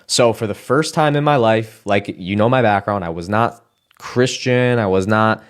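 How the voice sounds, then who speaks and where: A man's voice: on the low side, moderate pace. A man earnestly telling his personal testimony in a casual, emotional way, with frequent restarts and fillers. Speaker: speaker sharing a personal testimony.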